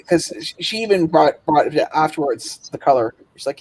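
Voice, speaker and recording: A woman from Canada co-hosting a livestream, chatty and laughing as she tells stories in casual talk, now and then in quick bursts. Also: deep voice, darkish tone. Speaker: livestream co-host. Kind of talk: casual storytelling chat.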